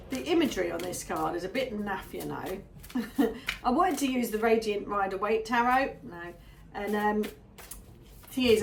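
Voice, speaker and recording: A woman's voice: medium pitch, a little hiss or hum. A woman giving a casual tarot reading, musing aloud and repeating phrases as she goes. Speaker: tarot reader.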